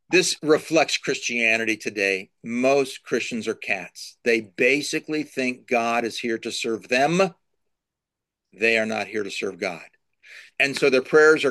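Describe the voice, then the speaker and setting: A middle-aged man answers interview questions like a preacher, stacking lists and repeating his main points for emphasis. His voice sits at a medium pitch, recorded dry and close with no room sound. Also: animated, unhurried, sharp tone, no echo. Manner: emphatic, repeats key phrases, builds lists. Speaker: Christian author and speaker.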